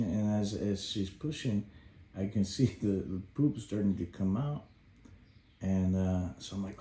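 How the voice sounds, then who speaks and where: A man telling a personal story about helping his baby daughter, animated as he acts out his past shouts, then quieter and reflective. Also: on the low side, measured pace, reverberant.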